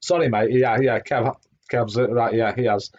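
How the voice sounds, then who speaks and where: A man's voice: medium pitch, fairly even intonation, normal speed, a little mellow. Man, middle-aged, stream host, effusive, rambling with fillers, slightly muffled home mic. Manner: chatty, effusive, lots of fillers and restarts. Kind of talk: casual live-stream chat. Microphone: home streaming microphone.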